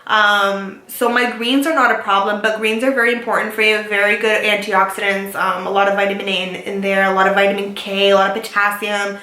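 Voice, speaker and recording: A woman's voice: mid-range voice, little pitch movement, fairly quick, few pauses, sharp tone. A young woman vlogger in a casual chat to camera, rambling with lots of "like" and "um". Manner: chatty, filler-heavy with lots of "like" and "um". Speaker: beauty and lifestyle vlogger. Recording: echoey room.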